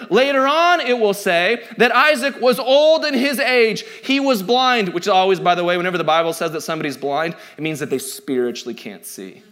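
A man in his thirties preaching a sermon in a joking, conversational way, swinging from loud to quiet. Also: high voice, normal speed, few pauses. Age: 30s. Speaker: pastor.

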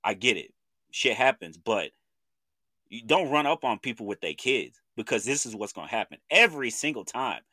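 A man in his thirties from Oklahoma with an Oklahoma accent, co-hosting a podcast and telling a story in animated casual chat, acting out what people said in slangy talk. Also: mid-range voice, moderate pace, no room sound. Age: 30s. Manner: animated storytelling with slang, acts out quoted voices. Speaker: podcast co-host.

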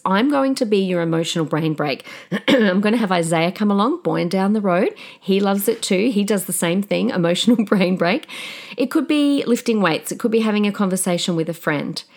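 A middle-aged woman hosting a podcast, talking candidly and emotionally in a casual motivational style, with fillers and restarts. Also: fairly low pitch. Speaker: podcast host.

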